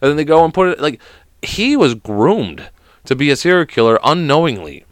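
A man's voice: a little high, sing-song, normal speed, no echo. A man, sick at the moment, rambling through a casual solo podcast rant, swearing often and filling gaps with "like". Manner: profane, rambling, heavy on "like" fillers. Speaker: podcast host.

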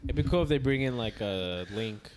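A laid-back man joking through a casual podcast chat. His pitch moves in a lively way, and he drops quick one-liners. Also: slight background noise. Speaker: podcast co-host.

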